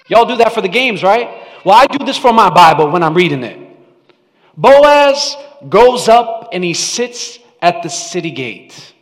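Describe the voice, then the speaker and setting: A man preaching from the pulpit of a church, chatty with his congregation and quick to burst into loud mock outbursts before dropping to an earnest hush. His voice sits a bit high for a man. The sanctuary carries a long, ringing reverb. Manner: animated, shifts from loud mock-shouting to hushed earnestness; conversational, asks the congregation questions. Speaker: pastor. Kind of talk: sermon.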